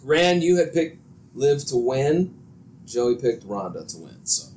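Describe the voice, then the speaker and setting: A man from Central Ohio hosting a casual wrestling podcast, animated with quick asides and frequent laughs. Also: medium pitch. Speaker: podcast host.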